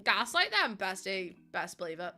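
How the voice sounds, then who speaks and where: A woman's voice: mid-range voice, big pitch swings, normal speed, pushed and bright. A woman in her late twenties, chatting casually and rambling while she streams a game, laughing often. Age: late 20s.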